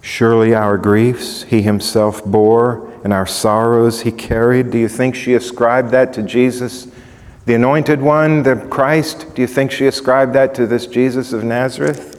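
A man preaching a sermon, asking the congregation rhetorical questions and rising to loud dramatic shouts when he quotes cries. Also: medium pitch, steady tone, measured pace. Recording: long hall reverb.

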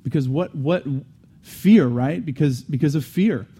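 Earnest man teaching a warm sermon. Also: a little high, a little slow, breathy edge. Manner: earnest, repeats and restates key phrases; frequent restarts and fillers, conversational asides. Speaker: Christian teacher.

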